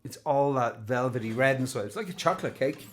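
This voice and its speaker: A man's voice: medium pitch, expressive, fairly quick. An Irish man chatting casually as he unboxes and looks over a guitar, thinking aloud with fond asides. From Ireland. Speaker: guitar reviewer.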